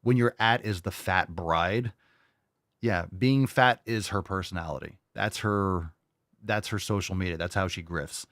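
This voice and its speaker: Combative male host, low voice, dry close sound, sarcastic ranting commentary. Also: measured pace, fairly bright tone, no room sound. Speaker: show host. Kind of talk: ranting commentary over video clips.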